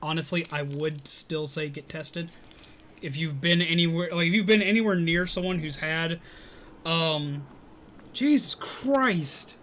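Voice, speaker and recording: A man casually chatting on a live stream, answering viewers, rambling with fillers and quick to laugh. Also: on the high side, fairly even intonation, a little hiss or hum. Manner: rambling, many fillers, laughs easily, greets viewers loudly.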